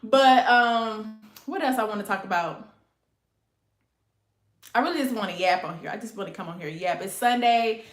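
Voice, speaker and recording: A woman's voice: fairly high pitch, normal speed, pauses often. A woman, chatting casually and rambling to her livestream viewers, calling them y'all and honey. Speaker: livestream host. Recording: echoey room.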